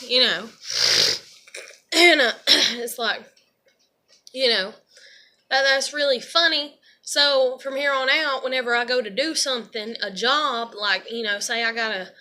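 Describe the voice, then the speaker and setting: A woman with a fairly high, bright, tense voice, ranting through a personal story. She rambles, swears a lot and keeps circling back with fillers. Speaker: vlogger. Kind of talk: venting personal monologue.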